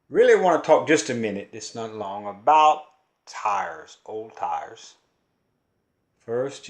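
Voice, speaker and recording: An older man with a Southern drawl from Kentucky and Louisiana talks straight to camera. His storytelling is homespun and earnest, and he rambles from one thought to the next. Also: on the low side. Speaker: folk-art vlogger and collector. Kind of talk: rambling folksy monologue to camera.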